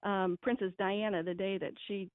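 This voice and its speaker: A woman's voice: mid-range voice, steady tone, moderate pace, no echo. A woman guest on a radio show, giving parenting advice in an earnest, emphatic way. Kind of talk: radio interview. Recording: tinny phone line.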